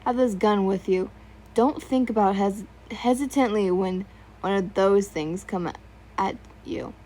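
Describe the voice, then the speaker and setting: A woman voicing a gruff, bossy young man who speaks curtly and firmly. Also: medium pitch, unhurried, dark tone, lightly acted.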